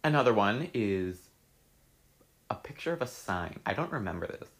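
A man's voice: lowish voice, normal speed. A young man chatting casually as he reads out his old social media posts, laughing and swearing at them. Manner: laughing, swearing, excitable reactions. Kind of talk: casual chat.

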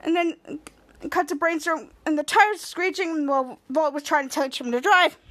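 Very high-voiced woman recapping a TV episode. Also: a bit bright, dry recording. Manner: halting, stumbling, repeats and restarts words. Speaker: podcast host.

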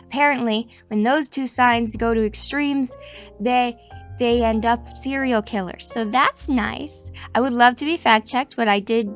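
Young female host, fairly high voice, casual self-deprecating chatter over faint background music. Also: a little slow. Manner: chatty, self-deprecating, meandering with frequent restarts. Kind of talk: casual rambling chat.

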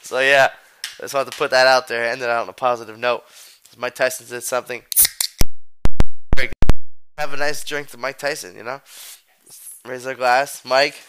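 A man's voice: medium pitch, pushed and bright, a little hiss or hum. A man hosting a podcast, talking in loose, profane street slang and rambling from one thought to the next. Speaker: podcast host. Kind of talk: casual chat.

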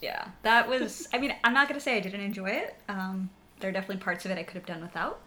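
A woman chatting casually about films, thoughtful and halting, often trailing off quietly. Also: medium pitch.

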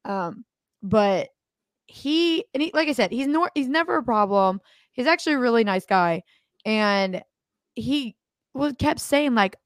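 A young woman co-hosting a podcast, animated and swearing often as she acts out quotes. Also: a little high, a little slow, dry recording, clean studio sound. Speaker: podcast co-host. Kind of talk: casual podcast chat.

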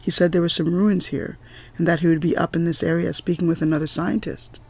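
A man voicing a shy, nervous Scandinavian professor who answers politely and hesitantly in a storybook reading. The voice is gravelly and a bit breathy. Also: fairly high pitch, fairly even intonation, a little fast.

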